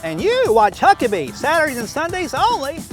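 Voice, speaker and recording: A man impersonating a fussy, self-important small-town deputy, scolding in an excitable, jittery voice. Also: a little fast, soft background music, full character voice. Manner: jittery, excitable scolding, pitch jumping up when riled. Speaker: tribute impersonator. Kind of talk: in-character comedy improv.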